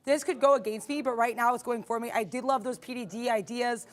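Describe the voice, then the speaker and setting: A woman's voice: a little high, a little fast. A woman co-hosting a live trading stream, upbeat and chatty, often laughing as she talks through her trades. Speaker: day trader co-host.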